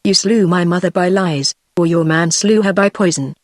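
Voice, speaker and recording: A woman's voice: fairly low pitch, moderate pace, no room sound, lightly acted. A British-accented synthetic woman's voice reading the lines of a bitter, scornful king's daughter in archaic speech. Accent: British English. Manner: formal archaic speech, even delivery. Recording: dry synthetic voice.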